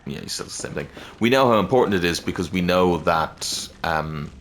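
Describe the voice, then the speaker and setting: Deep-voiced swearing gaming commentator, a man. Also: animated, moderate pace, a bit bright, a little hiss or hum. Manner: casual, rambling, swears heavily. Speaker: gaming channel host. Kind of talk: let's-play commentary on game lore.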